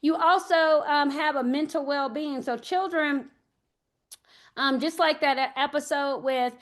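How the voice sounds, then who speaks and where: Telling anecdotes at a parent workshop, this older early childhood educator hesitates and thinks out loud. She speaks a little slowly in a high-pitched voice.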